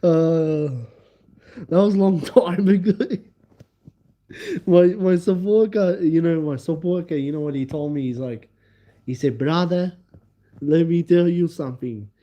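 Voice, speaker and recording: A man's voice: fairly high pitch, unhurried, long pauses, highs cut off. A young man telling rambling stories on a casual live stream, laughing often and repeating the same filler words. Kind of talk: casual livestream storytelling.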